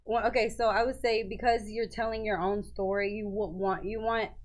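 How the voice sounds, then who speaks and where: A woman's voice: medium pitch, level tone, normal speed. A young woman from New Orleans, a media worker, speaking as an easygoing guest on a radio interview with hesitant fillers. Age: young adult.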